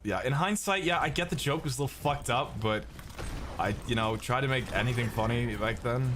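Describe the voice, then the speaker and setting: A man's voice: medium pitch, brisk, a bit bright, a little hiss or hum. A young adult man giving profane, rambling gameplay commentary as a streamer. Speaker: gaming streamer.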